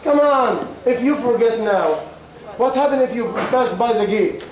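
His voice extremely high and his intonation lively, a man speaks at normal speed while teaching a religious class in simple, broken English. He repeats his questions to students in a back-and-forth format, though he is losing his voice. Captured at a distance in a very echoey room, the audio carries ambient noise.

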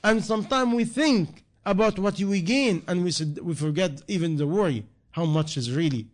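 A man's voice: sits high, moderate pace. Earnest preaching man. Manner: earnest, repetitive rhetorical questions, non-native grammar. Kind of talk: sermon.

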